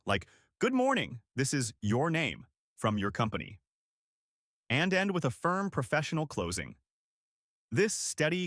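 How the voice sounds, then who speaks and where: A male instructor narrates a scripted lesson with clear, deliberate articulation. His pitch swings widely and expressively. The sound is close and dry, with no room around it. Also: a bit bright, dry recording. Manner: clear, deliberate coaching delivery.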